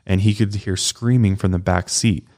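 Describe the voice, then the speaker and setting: Deep-voiced man telling a crime story. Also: steady tone, moderate pace, a little mellow. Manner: conversational, loose, swears casually. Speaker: podcast co-host. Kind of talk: casual true-crime storytelling.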